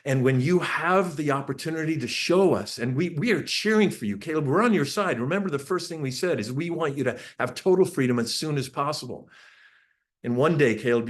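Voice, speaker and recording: Telling stories about his family, a middle-aged parenting speaker addresses an audience in a medium-pitched voice at a fairly quick pace. He livens things up by acting out the conversations, punctuating them with sudden bursts of emphasis.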